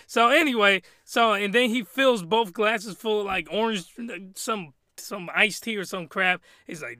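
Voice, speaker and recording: A man's voice: high-pitched, expressive, moderate pace, few pauses, pushed and bright, no room sound, studio quality. A man giving a crude, rambling and exasperated comedic recap of an anime. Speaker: anime reviewer.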